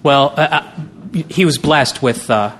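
A man's voice: medium pitch, measured pace, fairly bright tone, slight background noise. A man guesting on a podcast in casual chat, riffing absurd jokes with stammering restarts. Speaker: podcast guest, co-host of his own show.

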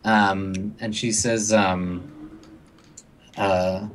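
A man narrates scenes as game master for a tabletop role-playing game. He speaks haltingly, with many pauses and filler sounds between his descriptions. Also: mid-range voice, a bit bright, a little hiss or hum. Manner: halting, full of ums and uhs.

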